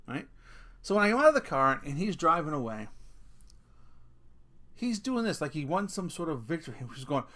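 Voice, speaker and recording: A man's voice: a little high, sing-song, normal speed, long pauses, sharp tone. A middle-aged man vlogging a casual rant, telling a story with swearing and laughing at himself.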